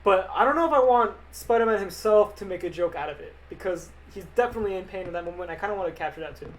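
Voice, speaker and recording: A man's voice: high voice, expressive, quick pace, a little hiss or hum, low-quality recording. A young man streaming live as an animator, answering viewer questions in an offhand, rambling, joking way. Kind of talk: casual livestream chat answering viewer questions.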